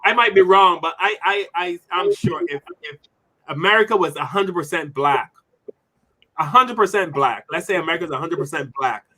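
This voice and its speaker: A man hosting a casual panel discussion, animated and reading viewer comments aloud. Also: on the high side, moderate pace, rough recording. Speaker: show host.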